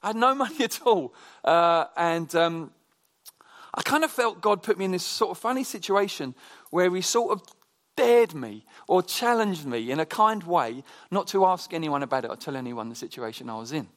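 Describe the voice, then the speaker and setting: A man preaching a conversational sermon, telling personal stories in a chatty, animated way with frequent restarts. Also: a little high, normal speed.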